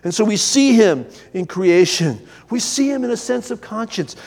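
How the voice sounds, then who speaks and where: A pastor delivers a sermon in a church sanctuary, his voice sitting high for a man. He is earnest, climbing to emphatic peaks before sinking back low and quiet. A long reverb hangs behind him from the hall. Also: sing-song, normal speed.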